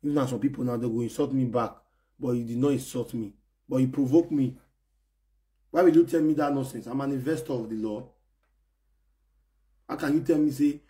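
A man ranting to his fans in an excitable, scolding way, repeating himself and bursting into shouts. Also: mid-range voice. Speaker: online personality ranting to fans. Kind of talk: animated pidgin rant.

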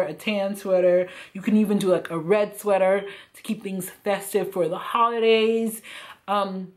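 A woman vlogging a casual clothing try-on haul, chatty and full of fillers, her voice a little hoarse and croaky. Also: mid-range voice. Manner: chatty, lots of fillers like "you know" and "like". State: slightly hoarse, croaky throat. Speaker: fashion vlogger.

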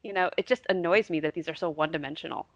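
A woman's voice: low voice, very fast, vocal fry, dry recording, dull audio. A woman co-hosting a book podcast in casual chat, critical of the writing and laughing often. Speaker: podcast co-host.

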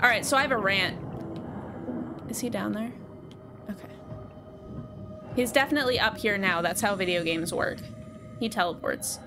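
A woman's voice: medium pitch, moderate pace, pauses often, music in the background. A woman from the United States, chatting casually as a live game streamer, rambling and laughing often. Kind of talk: casual live gaming chat.

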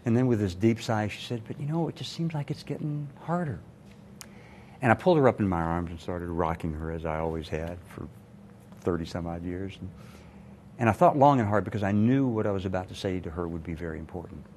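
An older man, a retired doctor, telling a personal story in an earnest, measured way as a TV interview guest. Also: low-pitched, a little mellow, a little hiss or hum.

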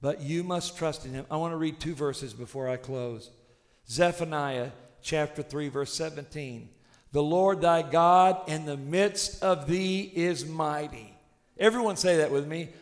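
A male pastor preaching a sermon with passion, swinging between shouted declarations and hushed, intimate tones. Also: on the high side, a little slow, big-room sound.

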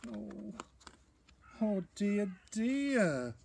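Guy putting on a sneezy hungry bear, high fretful sighs, slow and swooping. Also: sing-song, fairly bright tone, a little hiss or hum, exaggerated voice. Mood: fretful sighing. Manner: high sighing moans and huge sneezes. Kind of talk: storybook reading.

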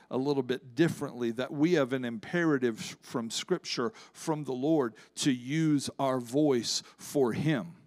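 A man's voice: medium pitch, dry recording, studio quality. A man preaching a sermon as pastor at a church service, in an impassioned, emphatic manner.

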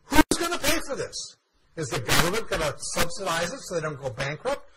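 A man lecturing voices a furious male government minister who berates a colleague with indignant rapid questions, over loud background noise. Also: mid-range voice, lightly acted.

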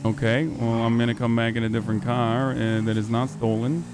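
A man's voice: medium pitch, little pitch movement, a little fast, background noise. Stammering, swearing man streaming a game. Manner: hesitant, stammering, heavy swearing. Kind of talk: in-character game roleplay banter.

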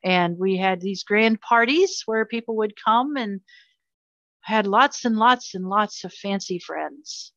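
A woman's voice: medium pitch, takes it slowly, fairly bright tone, no echo, dull audio. An older woman telling a painful personal story in an interview, earnest and emotional, often repeating herself. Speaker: guest.

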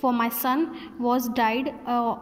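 A loving old father welcomes a lost son , as a woman teacher reads him aloud. The voice sits slightly high, in a plain read-aloud tone. A long hall reverb trails each phrase. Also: little pitch movement, measured pace, lightly acted. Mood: joyful.

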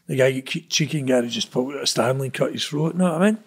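Gravelly Glaswegian man telling stories. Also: a little high, rapid-fire, hardly any pauses. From Scotland. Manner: blunt, sweary, rambling with frequent 'know what I mean'. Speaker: interview guest. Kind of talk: casual storytelling.

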